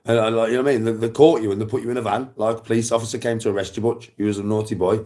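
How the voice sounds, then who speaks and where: A man with a very deep voice chats casually with his viewers. He swears freely and wanders through long, rambling anecdotes. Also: steady tone, racing, dark tone.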